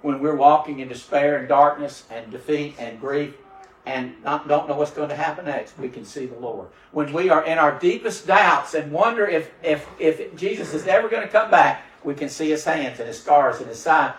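Male pastor, fairly high voice, fervent call-and-response preaching, miked from afar in a reverberant sanctuary. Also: normal speed. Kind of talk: sermon. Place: church sanctuary. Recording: roomy church sound from a distant mic.

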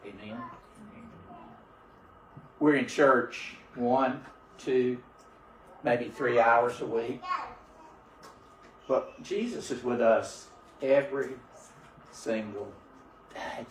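A man's voice: medium pitch, extremely slow, pauses often, a little hiss or hum. Man preaching in an echoey church. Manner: call-and-response preaching with rising, fervent prayer passages. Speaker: pastor. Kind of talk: sermon. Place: church sanctuary. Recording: roomy church sound from a distant mic.

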